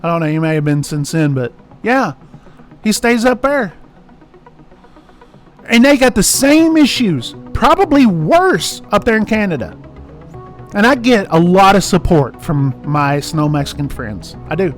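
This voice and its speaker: Passionate high-voiced man ranting. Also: big pitch swings, measured pace, faint music behind. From United States. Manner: passionate, emphatic, repeats himself for stress. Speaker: trucking channel host. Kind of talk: ranting vlog monologue.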